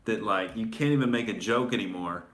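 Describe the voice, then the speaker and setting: A man's voice: fairly low pitch, a little fast, fairly bright tone. A male comedian hosting a casual commentary show, rambling with fillers and restarts in a sarcastic tone. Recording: echoey room.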